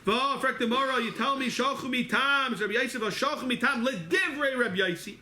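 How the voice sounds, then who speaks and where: A man teaching a Talmud study class, moving quickly through the text and answering his own questions as he goes. He speaks in a synagogue study hall. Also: very high-pitched, bright, forceful tone, slight background noise. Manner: rapid, quizzing himself with questions. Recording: echoey hall recording.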